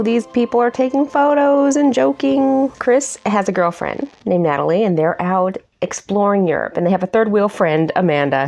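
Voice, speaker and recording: A woman's voice: on the low side, a little mellow. A woman giving a casual, chatty movie review, self-mocking and laughing at her own jokes.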